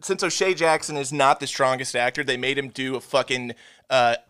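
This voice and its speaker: A man co-hosting a casual movie-review chat, insistent and quick to argue his point. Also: mid-range voice, pushed and bright, clean tone. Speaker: podcast co-host.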